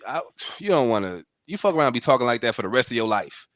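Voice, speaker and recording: A man co-hosting a podcast, talking in animated, profane, slangy, jokey banter. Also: medium pitch, fast, few pauses, dry recording, clean studio sound. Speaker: podcast co-host. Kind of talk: casual chat.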